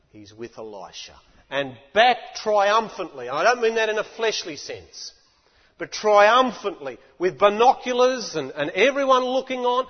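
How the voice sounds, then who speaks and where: A man preaching a sermon in an animated, emphatic way, building up to shouts. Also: high voice, normal speed. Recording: echoey hall, dull lo-fi.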